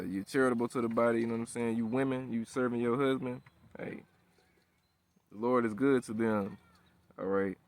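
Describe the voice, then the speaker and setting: Slangy preacher man, mid-pitched. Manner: slangy, profane, repeats "all right?" and "you know what I'm saying?". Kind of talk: casual street-style sermon.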